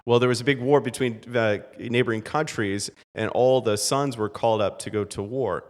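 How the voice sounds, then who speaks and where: A man guest on a podcast, telling a parable and giving calm advice as an animated storyteller. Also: medium pitch, normal speed. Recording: long reverb.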